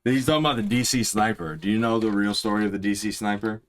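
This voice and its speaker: A young man hosting a music reaction, explaining things in an excited, rambling way full of restarts. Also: on the low side, fast. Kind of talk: casual reaction commentary.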